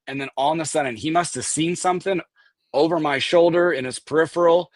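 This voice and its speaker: A man recounting a wild scene in lively, swearing storytelling, jumping into other people's voices as he goes. His voice sits a bit high for a man. The sound is close and dry, with no room around it. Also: no room sound. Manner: animated, acts out quoted voices, swears. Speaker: guest recounting an event. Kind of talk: casual storytelling.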